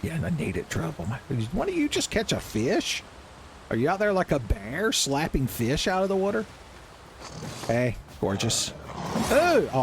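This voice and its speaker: A man giving loud, profane, joking commentary while playing a video game. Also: a little high. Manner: loud, profane, jokey, yelling at enemies. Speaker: gaming streamer. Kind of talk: casual gameplay commentary. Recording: gameplay music behind voice.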